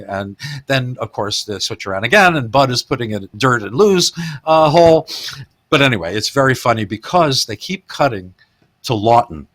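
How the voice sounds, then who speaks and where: A man's voice: medium pitch, a bit bright. A man hosting a podcast, retelling film gags in a casual, chuckling way. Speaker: podcast host.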